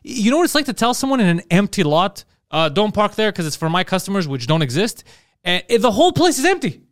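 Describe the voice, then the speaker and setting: Man, quick-talking, crisp voice, dry sound, podcast host, swearing storyteller. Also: high voice, no echo. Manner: profane, animated anecdote-telling with quoted dialogue. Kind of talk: casual storytelling chat.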